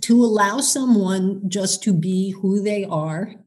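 A woman's voice: mid-range voice, slow, a little mellow. A woman who advises on dementia care, talking through tips in an encouraging way and acting out example dialogue. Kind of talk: advice conversation.

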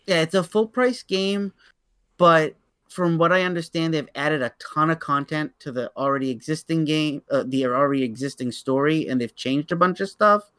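A man with a bright, forward voice and a somewhat high pitch talks in a casual podcast chat. He is opinionated and often restarts his sentences. The recording is dry, with no room sound. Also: normal speed, no echo. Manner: opinionated, stammers on restarts, laughs while telling stories. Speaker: podcast co-host.

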